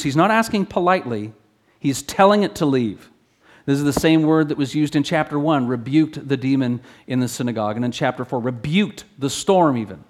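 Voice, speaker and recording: A man's voice: mid-range voice, a little mellow. Earnest man preaching a sermon. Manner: earnest, teaching, with frequent restarts and rising emphasis on quotes. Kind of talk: expository sermon.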